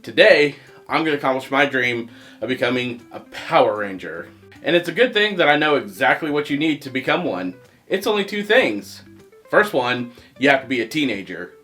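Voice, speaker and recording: Animated joking male review host. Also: medium pitch, moderate pace, soft background music. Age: adult past teens. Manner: animated, joking, self-mocking. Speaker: host of a movie review show. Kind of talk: comedic video review.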